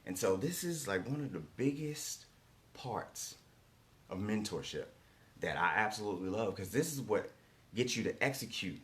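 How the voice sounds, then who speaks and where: A man gives a motivational coaching talk, emphatic and repetitive, repeating key lines and often checking in with rhetorical "right?" questions. His fairly low voice is expressive and fairly bright, at normal speed.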